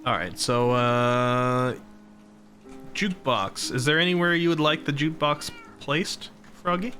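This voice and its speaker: Male streamer, chatty and laughing, talks to viewers; bright, punchy tone, soft music underneath. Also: mid-range voice, steady tone, unhurried. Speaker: VTuber streamer. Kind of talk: casual live-stream chat.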